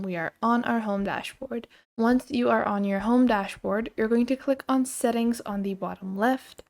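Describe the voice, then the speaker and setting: A woman hosting a screen-recorded software tutorial, explaining each step casually and with filler words. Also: medium pitch. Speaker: tutorial host.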